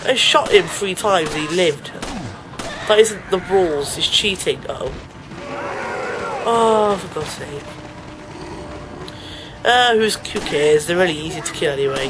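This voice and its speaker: Excitable high-voiced male gamer. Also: measured pace, long pauses, background noise. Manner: excitable, panicky, laughing. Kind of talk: let's play commentary.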